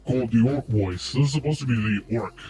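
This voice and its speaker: A man's voice: medium pitch, brisk, dark tone, faint music behind, voice pushed down. A man using a voice changer demon filter to play a growling male orc demon, straining his voice into a growl.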